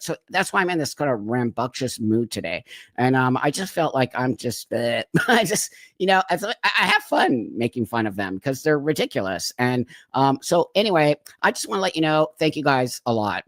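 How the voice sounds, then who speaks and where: A man's voice: mid-range voice, no room sound. A man hosting his own channel, talking in a blunt, emphatic commentary monologue and repeating words when heated. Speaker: channel host. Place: Los Angeles.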